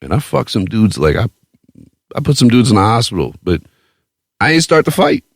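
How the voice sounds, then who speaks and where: A man hosting a podcast, telling a story in casual chat with a profane, boastful, animated way of talking. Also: on the low side, normal speed, no room sound, clean studio sound. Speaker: podcast host.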